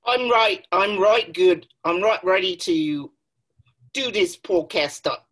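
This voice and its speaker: A woman podcast co-host putting on a British accent as a playful, chummy lady with quick banter. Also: fairly low pitch, expressive, a bit bright, full character voice. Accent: put-on British. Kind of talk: casual chat in a put-on voice.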